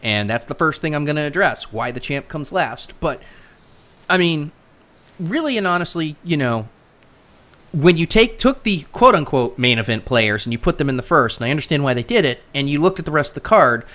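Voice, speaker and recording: A woman's voice: deep voice, lively intonation, fairly quick, a bit bright. A woman hosting a casual chat podcast, sarcastic and rambling, often stuttering as she talks. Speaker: podcast host.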